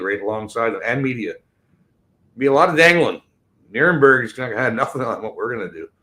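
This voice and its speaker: A man, delivering an angry, profane rant that swings between shouted bursts and low mutters. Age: 50s. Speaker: show host.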